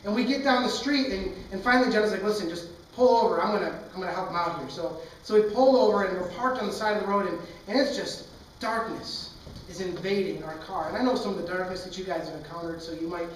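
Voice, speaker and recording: A man's voice: high-pitched, fast talker, a little hiss or hum. A young man, a pastor, preaching a sermon and telling a personal story in a candid, earnest, impassioned way. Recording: echoey hall, far from mic.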